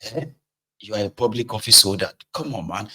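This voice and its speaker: A man's voice: fairly low pitch, a little fast, a little hiss or hum. A middle-aged Nigerian man with a Nigerian accent, talking through a casual monologue and slipping into Pidgin asides. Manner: animated, acts out shouted scenes, Pidgin asides. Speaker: vlogger.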